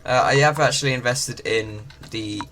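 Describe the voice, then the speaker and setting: Male let's-play host, mid-pitched, rambling chatty delivery, clear game noise under him. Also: moderate pace, a bit bright. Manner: chatty, rambling, with many fillers. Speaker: gaming channel host. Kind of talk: casual game commentary. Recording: game ocean noise behind.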